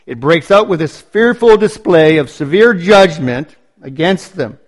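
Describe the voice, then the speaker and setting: A man preaching a sermon, building points through emphatic repetition and slowing down on stressed phrases. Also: on the high side, expressive.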